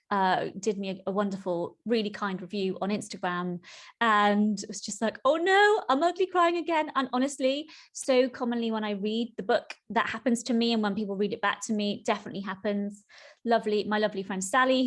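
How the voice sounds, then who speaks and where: A woman's voice: mid-range voice, fairly even intonation. Heartfelt middle-aged woman podcaster. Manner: earnest and heartfelt, dwelling slowly on key words. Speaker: podcast host and spiritual coach. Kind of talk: solo podcast chat.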